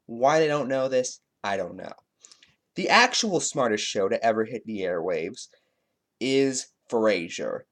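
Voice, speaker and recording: A man playing a pompous, self-proclaimed intellectual who lectures in a haughty, self-important way. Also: medium pitch. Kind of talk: comedic character bit.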